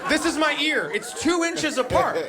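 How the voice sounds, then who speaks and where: A man voicing a bratty young kid who yells bossily at his dad, with audience laughter behind. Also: lively intonation, normal speed, crowd noise. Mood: indignant. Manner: shrill, bossy, yelling.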